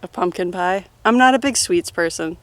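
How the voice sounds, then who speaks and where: A woman in her thirties answering personal questions in a relaxed, rambling way, full of fillers and laughs. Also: fairly low pitch, moderate pace, clean tone. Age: 30s. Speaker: interviewee. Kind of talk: casual personal Q&A.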